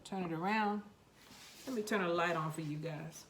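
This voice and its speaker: A woman with a New York accent talks her way through planting seeds in a casual, playful gardening vlog, chatting to herself and even to the seeds. Her voice sits on the low side. A faint background noise runs under the recording. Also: normal speed. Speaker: gardening vlogger. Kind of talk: casual gardening vlog, talking while working.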